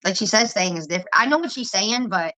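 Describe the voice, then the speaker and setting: A woman's voice: medium pitch, animated, fairly quick, pushed and bright, no room sound, poor audio. A woman chatting casually and rambling, laughing and swearing as she talks. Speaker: streamer chatting with viewers. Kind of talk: casual livestream chat.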